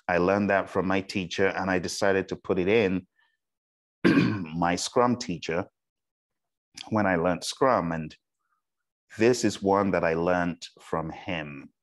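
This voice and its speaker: A man teaching an exam prep lesson, talking slowly on purpose and often checking in with "okay?" and "all right?". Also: deep voice. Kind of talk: recorded online lecture.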